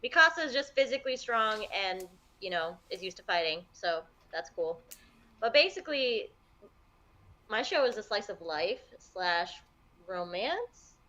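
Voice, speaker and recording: A woman's voice: medium pitch, sing-song, unhurried, sharp tone, lo-fi sound. A woman explaining her ideas in a casual, chatty way with many fillers. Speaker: podcast panelist. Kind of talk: casual chat.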